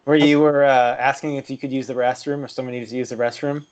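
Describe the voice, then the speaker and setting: A man's voice: mid-range voice, flat delivery, quick pace, a little mellow. Male podcast co-host, joking sidekick, dull home-recorded audio. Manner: joking, teasing interjections. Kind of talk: casual chat.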